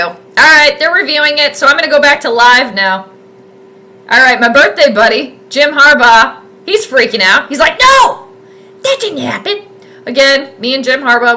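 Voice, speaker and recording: A woman giving chatty, excitable live commentary on a football game from home, rambling with lots of fillers. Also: high voice. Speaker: sports streamer doing live game commentary.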